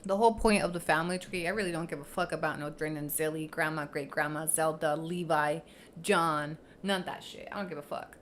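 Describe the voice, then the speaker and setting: A woman's voice: low-pitched, fairly even intonation, brisk, a little hiss or hum. A woman livestreaming in casual chat, blunt and profane, teasing and laughing often, slipping into Spanish phrases.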